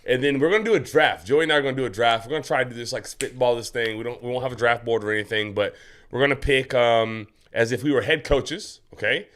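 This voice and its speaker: A man's voice: medium pitch, fast talker, a bit bright. A man co-hosting a casual live show, upbeat, with short reactions, speaking directly to the viewers. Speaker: co-host.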